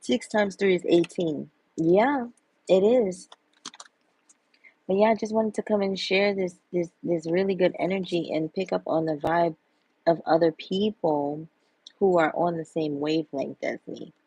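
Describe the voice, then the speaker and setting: Slow chatty woman on a livestream, husky voice, sing-songy and giggly, dry close sound. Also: lowish voice, fairly even intonation, warm tone, no echo, poor audio. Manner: playful, sing-song, giggly, repeats catchphrases. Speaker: live streamer. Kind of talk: casual live stream chat.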